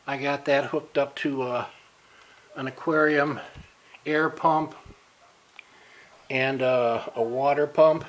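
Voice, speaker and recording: An older man in his home workshop, a little out of breath, talking casually and haltingly with frequent fillers as he shows his setup. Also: mid-range voice, steady tone, rough recording. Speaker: workshop vlogger. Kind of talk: casual workshop show-and-tell.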